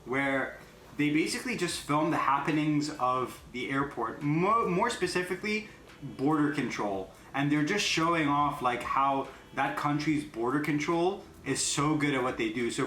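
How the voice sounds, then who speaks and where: A man's voice: fairly high pitch, normal speed, pushed and bright. A young man co-hosting a podcast, rambling and enthusiastic with lots of fillers. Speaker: podcast co-host. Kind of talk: casual chat. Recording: echoey room, faint noise.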